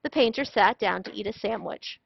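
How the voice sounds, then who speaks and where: A woman narrating a children's storybook read-aloud in a clear, even storytelling manner. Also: mid-range voice, a little fast, dry recording, dull audio.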